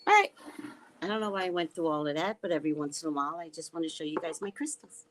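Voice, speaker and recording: A woman's voice: low voice, fast talker, slight background noise, low-quality recording. A woman psychic reader hosting a casual livestream, chatting in a rambling way and reading out viewer comments.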